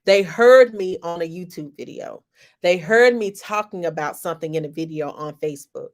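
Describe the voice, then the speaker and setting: A woman's voice: on the low side, moderate pace. A woman business coach giving an emphatic, motivational talk on a social media live, repeating key phrases like a preacher.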